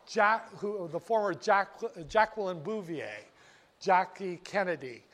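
An older man telling history in a casual, animated, folksy way, often correcting himself mid-sentence. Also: high-pitched. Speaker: storyteller.

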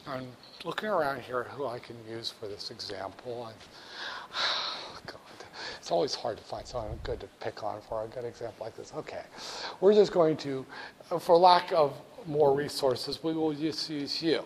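A man giving a classroom lecture in an animated, joking way, talking straight to his students. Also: medium pitch, normal speed, a little hiss or hum. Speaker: teacher.

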